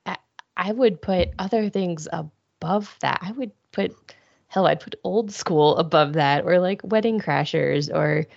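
Female podcast co-host, casual and quick to laugh; low voice with heavy fry, slightly dull sound. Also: no room sound. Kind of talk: casual chat.

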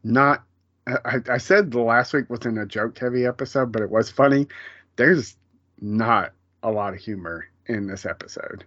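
A man's voice: medium pitch, moderate pace, a bit bright, no echo. A man co-hosting a casual podcast, talking loosely with plenty of fillers and easy laughter. The recording is dry and a bit dull, with little room sound. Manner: chatty, laughs often, many fillers. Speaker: podcast co-host. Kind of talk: casual chat.

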